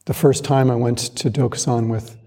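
A man giving a calm, reflective dharma talk as a Zen monastic teacher, speaking in a measured way with pauses. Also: mid-range voice. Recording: long hall reverb.

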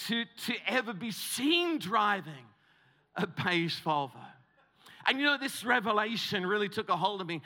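A man preaching, his voice high and bright. He tells a comic story about himself and stumbles into many restarts. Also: very animated, normal speed. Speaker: guest preacher. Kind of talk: humorous sermon story.

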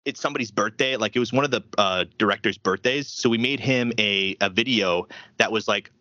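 A man's voice: fairly low pitch, a little fast, bright, forceful tone, no echo, muffled recording. A man guesting on a podcast, chatting casually and rambling with lots of fillers. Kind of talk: casual interview chat.

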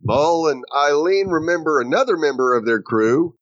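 A man's voice: a little high, lively intonation, normal speed, dry recording, dull audio. A man co-hosting a casual chat, narrating plot points and laughing along. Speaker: podcast co-host.

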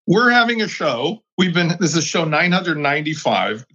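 A man on a podcast panel, giving blunt, opinionated takes in a husky voice. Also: on the high side, sing-song, moderate pace, sharp tone, muffled recording. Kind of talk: roundtable discussion.

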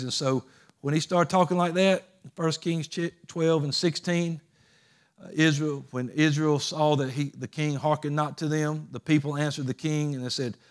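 A man's voice: fairly high pitch, steady tone, moderate pace. Man, pastor, folksy preaching, emphatic calls. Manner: folksy, plainspoken phrasing. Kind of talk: sermon.

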